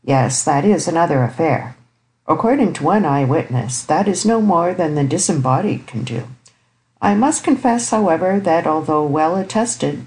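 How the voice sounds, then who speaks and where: A woman reading the part of a stern, ironic elderly uncle in an audiobook, speaking gravely and precisely. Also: low voice, darkish tone, rough recording.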